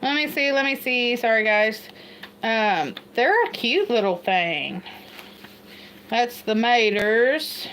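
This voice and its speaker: A woman's voice: a little high, sing-song, slow, long pauses, fairly bright tone, slight background noise. A woman from Kentucky with an Appalachian accent, chatting casually and rambling on a livestream, laughing at herself. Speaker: homestead livestream host.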